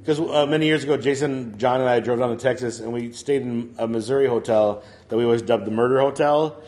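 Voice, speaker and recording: A man's voice: medium pitch, fast, darkish tone. A man telling a long story in casual chat, rambling with lots of fillers and laughing as he goes.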